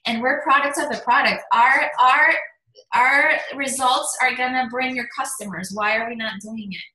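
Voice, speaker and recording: A woman in her forties, a fitness business coach, giving an energetic motivational talk in emphatic bursts. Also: a little high. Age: 40s. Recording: echoey room.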